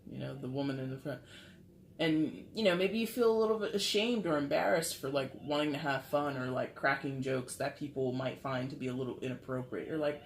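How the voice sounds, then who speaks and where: A woman's voice: deep voice, a little fast, slight background noise. A woman giving a casual tarot reading to camera, talking in a rambling, chatty way with lots of filler words. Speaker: tarot reader. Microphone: camera mic. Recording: roomy echo.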